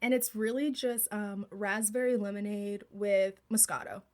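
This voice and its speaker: A young woman co-hosting a podcast, chatting casually and talking fast. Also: medium pitch, fairly even intonation, darkish tone. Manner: fast-talking, trying to slow down. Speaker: podcast co-host. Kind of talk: casual chat.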